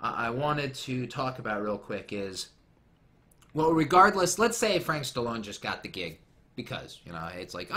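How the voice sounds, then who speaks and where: A young man chatting through a casual commentary with a bright, forward tone. His pitch swings all over as he rambles and jokes. He keeps wandering off on tangents. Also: very animated, normal speed. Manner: rambling, jokey, goes off on tangents. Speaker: commentary host.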